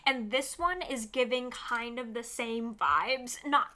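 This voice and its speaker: A woman chatting about the books she can't wait to read, her voice bright and a touch high. She gushes and stays upbeat, and she fills her talk with "like" as she runs through her list. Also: takes it slowly. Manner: gushing, upbeat, peppered with "like". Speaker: book vlogger. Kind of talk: casual chatty book rundown.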